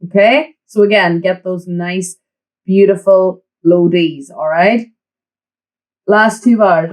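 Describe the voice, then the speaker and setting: A woman teaching a flute lesson, giving tips and counting the student in with steady encouragement. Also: on the low side, takes it slowly, rough recording. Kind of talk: online music lesson.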